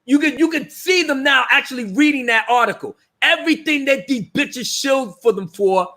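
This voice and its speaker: A man hosting a livestream, ranting loudly in slangy casual commentary, often laughing and restarting his words. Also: very high voice, moderate pace. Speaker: livestream host.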